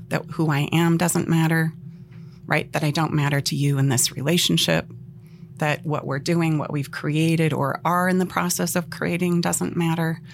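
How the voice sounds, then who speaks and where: A woman speaking as a relationship expert guest on a podcast, animated and expressive, often acting out what she would say. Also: deep voice, gravelly, slight background noise. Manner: expressive, acts out quoted lines, laughs easily.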